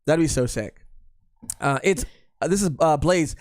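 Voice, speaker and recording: Chatty man with a fairly high voice. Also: animated, moderate pace, darkish tone, dry recording, studio quality. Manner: rambling, filler-heavy, repeats phrases. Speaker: podcast co-host. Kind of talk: casual live-stream chat.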